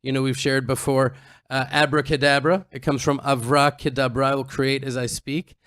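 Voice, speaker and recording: A man's voice: mid-range voice, level tone, moderate pace, fairly bright tone, no echo, studio quality. A man co-hosting a casual chat, teasing and joking with his friend. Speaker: co-host. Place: outdoors on a farm in the mountains.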